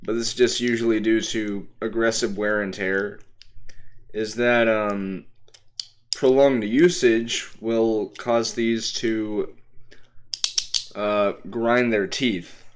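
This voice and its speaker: A man's voice: fairly low pitch, fairly even intonation, slow, a little hiss or hum. A young man streaming casually, explaining toys he shows to the camera in a rambling, hesitant way full of ums. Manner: explains toys while showing them to the camera. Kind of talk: casual livestream chat.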